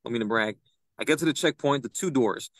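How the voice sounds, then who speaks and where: A young man, a podcast guest, telling an animated story and acting out the people he quotes. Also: medium pitch, brisk, no room sound. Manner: excitable, acts out quoted voices. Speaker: podcast guest, citizen news reporter.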